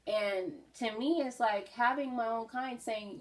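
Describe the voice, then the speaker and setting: A woman's voice: fairly high pitch, measured pace, low-quality recording. Earnest woman talking while doing makeup. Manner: earnest, reflective, many fillers. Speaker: beauty vlogger.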